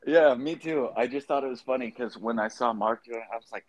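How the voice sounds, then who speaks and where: A man's voice: mid-range voice, steady tone, quick pace, no room sound, lo-fi sound. A man co-hosting a podcast, chatting casually and telling loose, profane stories with lots of fillers. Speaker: podcast co-host. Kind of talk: casual chat.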